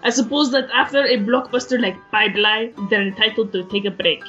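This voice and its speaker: A woman's voice: on the high side, a little fast, fairly bright tone, lo-fi sound, faint music behind. A woman co-hosting a podcast, reading a listener's review aloud and laughing at herself. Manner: laughs often, self-deprecating. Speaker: podcast co-host.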